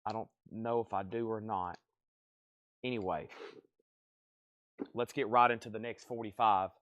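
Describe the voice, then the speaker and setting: A man running a live-stream record sale, calling prices and bidders in brisk bursts with chatty asides. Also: fairly low pitch, fairly even intonation, fairly bright tone, dry recording. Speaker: live auction seller.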